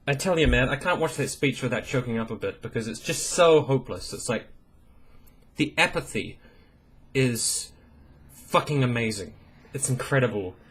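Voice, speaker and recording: A man's voice: mid-range voice, a bit bright, slightly rough. A man giving a heated, profane political rant, mocking politicians in sarcastic impressions. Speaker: political commentator.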